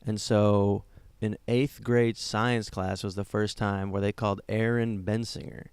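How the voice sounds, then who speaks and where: A man's voice: fairly low pitch, little pitch movement, a little slow, darkish tone, clear, resonant tone, dry recording. A man co-hosting a comedy podcast, rambling through jokey stories and slipping into silly voices. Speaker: podcast co-host. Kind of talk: casual comedic chat.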